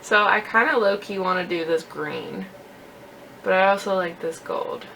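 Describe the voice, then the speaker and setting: A woman's voice: mid-range voice, normal speed, creaky, pushed and bright, a little hiss or hum. A young woman chatting casually as a beauty vlogger while she does her makeup, self-deprecating and full of "like".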